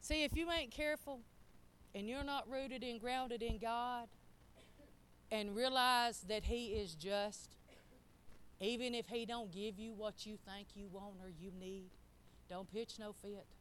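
A middle-aged woman preaching a sermon. She speaks in a folksy, emphatic way and swings between loud and soft. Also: on the high side, unhurried, pauses often, a little hiss or hum.

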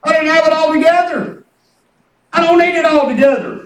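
Fervent preacher, very high voice. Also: male voice, steady tone, a little fast. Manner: fervent, folksy, preaching with humor and repetition. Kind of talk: sermon. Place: church sanctuary. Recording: echoey church, mic at a distance.

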